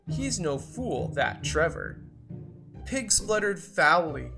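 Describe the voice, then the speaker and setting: A woman reads a rhyming children's story in an unhurried, expressive manner. Her voice sits at an ordinary middle pitch. Music plays clearly beneath her narration. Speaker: storybook reader. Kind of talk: rhyming picture-book read-aloud.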